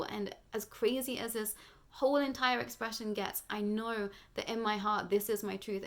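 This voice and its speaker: Brief: young British woman, spiritual vlog host, meandering and earnest, flat delivery with little melody. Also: mid-range voice. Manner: rambling, earnest, full of fillers. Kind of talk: personal spiritual monologue.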